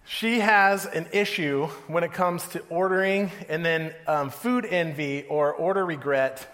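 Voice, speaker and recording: A man's voice: a little high, unhurried, fairly bright tone. A man in his thirties giving a casual, joking sermon, often laughing as he talks. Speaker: pastor. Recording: long hall reverb.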